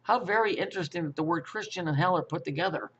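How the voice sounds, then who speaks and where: Husky, high-pitched and a bit bright, this conspiracy commentator talks fast in a profane, repetitive rambling monologue. He stammers into restarts and leans on rhetorical questions, all captured in muffled lo-fi sound.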